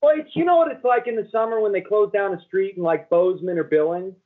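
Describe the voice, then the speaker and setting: High voiced guy telling crude stories, sounds like over a phone. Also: fast, phone-quality sound. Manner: crude, animated storyteller. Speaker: comedian podcast co-host. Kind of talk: casual podcast chat, storytelling.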